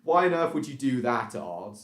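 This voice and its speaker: A man hosting a casual live stream, reading out viewer comments and answering them in a halting way, with lots of ums and repeated phrases. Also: mid-range voice, big pitch swings. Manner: repetitive, halting, restarts phrases, many ums. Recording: roomy echo.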